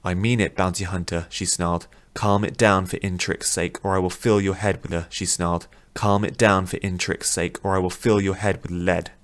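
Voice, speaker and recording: A man's voice: sits low, flat delivery, moderate pace, hardly any pauses, natural voice. A man voicing a fierce armed woman who snarls threats. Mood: threatening.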